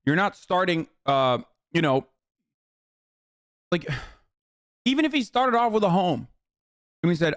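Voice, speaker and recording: A man rants at a video on his stream, loud, profane and exasperated, his voice riding high and often breaking into shouts. The sound is close and completely dry, with no room around him. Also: lively intonation, normal speed, long pauses, smooth, no echo. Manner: angry, swearing, often shouting in disbelief. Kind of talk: heated profane rant.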